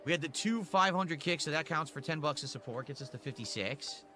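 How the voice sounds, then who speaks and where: Bright-voiced, matter-of-fact streamer man. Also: on the high side, expressive, brisk, soft background music. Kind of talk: casual stream talk to the audience.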